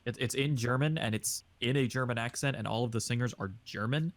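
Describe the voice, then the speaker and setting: A man's voice: medium pitch, brisk, no room sound. A young man on a casual podcast call, telling stories and pushing the group to the next question. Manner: animated storyteller, pushes the talk along.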